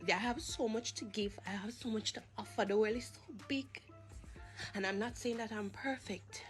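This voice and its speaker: A woman with a Jamaican accent giving a personal faith testimony, earnest and halting, with pauses and repeats. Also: medium pitch, soft background music.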